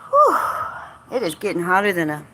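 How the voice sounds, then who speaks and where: On an outdoor lakeside livestream, a Southern US vlogger rambles casually in a lowish, sharp-toned voice with wildly swooping pitch at a moderate pace. A little hiss or hum is audible, and her chat is joking, folksy and a bit salty.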